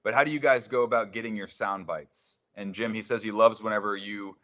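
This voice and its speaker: A young man on a sports radio show, speaking in a fairly low voice with a relaxed, easygoing manner as he chats with the hosts in the studio. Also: brisk. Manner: easygoing, laid-back. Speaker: radio board operator. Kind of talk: casual radio sports chat. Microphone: studio microphone.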